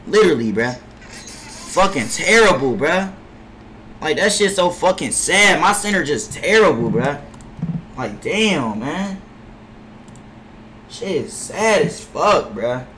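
Young male streamer trash-talking, lively pitch. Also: slow pace, pauses often, a little hiss or hum. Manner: frustrated trash talk, profanity-heavy, drops into low mutters; bursts into far-off shouts at teammates. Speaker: gaming streamer. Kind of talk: live gameplay commentary.

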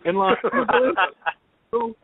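A man's voice: very high voice, steady tone, normal speed, slight background noise. A man calling in as a guest on a casual interview, adding dry joking asides. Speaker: guest co-author. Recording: phone line.

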